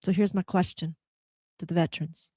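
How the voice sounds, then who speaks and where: A woman's voice: lowish voice, fairly even intonation, moderate pace, dark tone, slightly rough, no echo, clean studio sound. A woman hosting a spiritual motivational talk, probing her listeners with rhetorical questions. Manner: acts out quoted complaints in a heated voice. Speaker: host.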